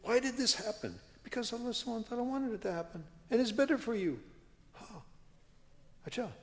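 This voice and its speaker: This is a man in his seventies from California, speaking at a workshop in a mosque hall, where long reverb trails his words. His voice is very high, animated and fast as he tells stories, rambling off on tangents and restarting often.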